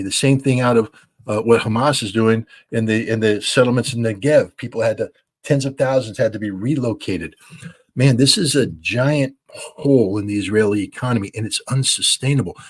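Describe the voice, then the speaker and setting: A man's voice: mid-range voice, breathy edge. A man giving blunt, emphatic interview commentary as a military analyst, repeating his points for stress. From United States.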